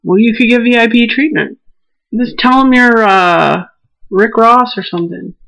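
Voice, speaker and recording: A woman's voice: on the high side, vocal fry, a bit bright, poor audio. A woman co-hosting a podcast, talking casually with blunt, teasing jokes. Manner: blunt, teasing, quick to joke. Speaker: podcast co-host. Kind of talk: casual chat.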